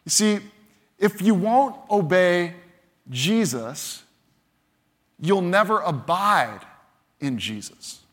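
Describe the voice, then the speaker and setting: A man with a high voice preaches from the pulpit. His delivery is animated, and he acts out the voices he quotes. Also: slow pace, pauses often. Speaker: pastor. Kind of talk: sermon.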